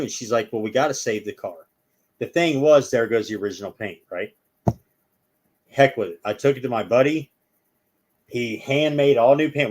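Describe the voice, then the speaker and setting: A man telling long stories as a guest in a casual chat, rambling and acting out the people in them. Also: mid-range voice.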